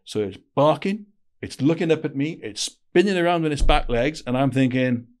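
A man's voice: a little high, expressive, normal speed, a little mellow. A man, a podcast guest telling blunt, slangy anecdotes with frequent restarts in a casual interview. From Wales. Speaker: podcast guest, former intelligence operative.

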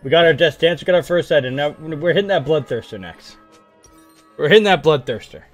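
Excitable young man narrating his gameplay. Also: on the high side, brisk, faint music behind. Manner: excitable, playful, trash-talking. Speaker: gaming streamer. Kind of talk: live gameplay commentary.

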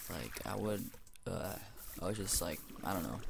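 Male gamer, headset mic, gravelly voice, mumbly rambling with whispered asides, loud hiss. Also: low voice, lively intonation, moderate pace. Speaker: gamer commentator. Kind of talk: casual let's-play commentary. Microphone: gaming headset.

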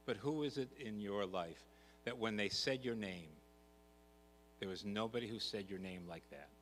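An older pastor with a fairly low, slightly bright voice preaches at a moderate pace in a church sanctuary, earnest and building to emphatic repetition. The recording carries long church reverb and a faint hum.

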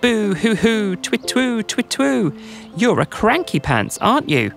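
A sobbing little owl. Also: male voice, high-pitched, very animated, unhurried, gravelly, soft background music, voice pushed up, heavily acted. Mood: whiny, sobbing. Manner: sobbing, hooting boo-hoo refrain. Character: weepy lonely little male owl. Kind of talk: rhymed bedtime story.

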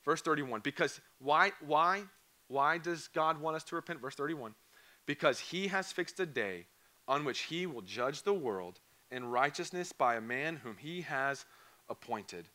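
A young man with a hoarse, fading voice preaching an earnest youth camp sermon, repeating phrases and asking students questions. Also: a little high, expressive, measured pace, bright, forceful tone. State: hoarse, voice going. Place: church or camp hall.

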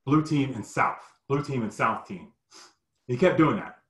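Brief: man in his fifties, mid-pitched, lively personal storyteller, roomy echo. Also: measured pace. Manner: animated, acts out the people in his story. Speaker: guest storyteller.

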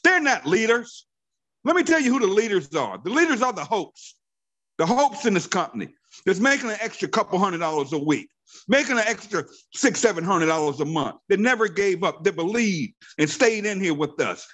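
Man, fifties, high voice, very lively intonation, fervent preachy team-leader pep talk, repeats phrases. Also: normal speed. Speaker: network marketing team leader. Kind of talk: motivational training call talk.

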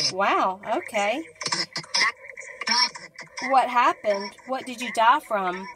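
A woman's voice: a little high, background noise. A woman hosting a casual vlog, gushing and giggly as she talks to a doll in a put-on accent. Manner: using a fake accent. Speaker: host of a haunted doll channel. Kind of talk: casual vlog, spirit session.

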